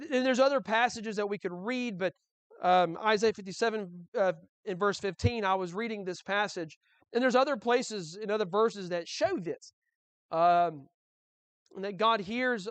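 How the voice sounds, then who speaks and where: A man's voice: sits high, no echo. A male pastor preaching a sermon in a conversational way, with frequent restarts and rhetorical questions.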